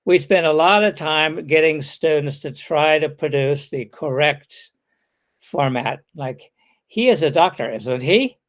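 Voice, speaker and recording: A man giving an online lecture as a webinar lecturer. He explains points step by step and reads example questions aloud with contrasting intonation. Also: fairly high pitch.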